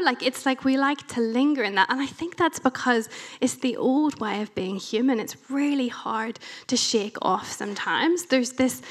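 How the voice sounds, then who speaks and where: A young woman with an Irish accent giving a conversational church talk, chatty and animated, with self-deprecating asides. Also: on the high side. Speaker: preacher.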